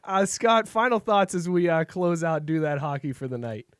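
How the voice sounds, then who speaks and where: A man's voice: a little high, lively intonation, moderate pace, clear, resonant tone, dry recording. A man co-hosting a sports podcast, leading the segments with casual chat and frequent laughter. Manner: laughs often, leads segments. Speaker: podcast co-host.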